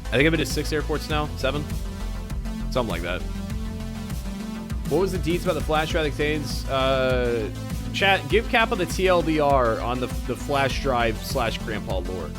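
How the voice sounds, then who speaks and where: A young man chatting on a live stream, his pitch swinging widely as he tells stories to his viewers. Music plays clearly in the background. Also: moderate pace. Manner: animated storytelling, talks to chat. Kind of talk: casual stream chat.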